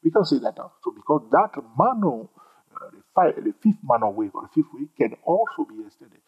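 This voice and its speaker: Animated husky man teaching chart patterns. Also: fairly high pitch, fairly quick, narrow, tinny audio. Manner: animated, repeats himself, jokes with viewers. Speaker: trading instructor. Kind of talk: screen-recorded chart tutorial.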